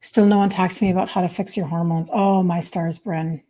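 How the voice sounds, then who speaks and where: A Minnesota health coach in her fifties chats casually on a livestream, reading viewer comments aloud in an earnest, apologetic way. Her voice is fairly low, mellow, and fairly quick, with fairly even intonation.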